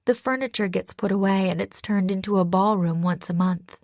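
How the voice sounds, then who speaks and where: A woman voicing a cheerful young female sailor in an audiobook, pitched a little higher than her narration. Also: normal speed, a little mellow, no echo, studio quality, natural voice. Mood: hesitant.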